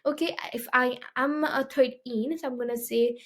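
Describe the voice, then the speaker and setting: Speaking at normal speed with a steady, fairly bright tone, a woman whose voice is a bit high teaches French to beginners. Her explanations go step by step, and she keeps checking on her listeners with "okay?".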